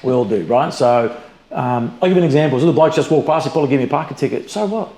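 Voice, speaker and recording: The recording has an echoey room sound, and the speaker talks very fast at a medium pitch. He's a middle-aged Australian business founder in a casual interview, telling stories in a blunt, lively way, cursing freely and sprinkling in "mate" and "you know" constantly.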